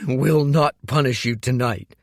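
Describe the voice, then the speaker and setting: A man voicing an enraged, grieving young brute who growls and shouts with a cracking voice. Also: mid-range voice, a little slow, creaky, no echo, clean studio sound, voice pushed up. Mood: broken.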